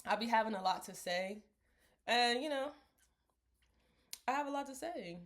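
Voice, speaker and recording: Chatty young woman vlogger, slightly high voice. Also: lively intonation, moderate pace, fairly bright tone. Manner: rambling, reflective, laughs often. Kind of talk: casual talk to camera.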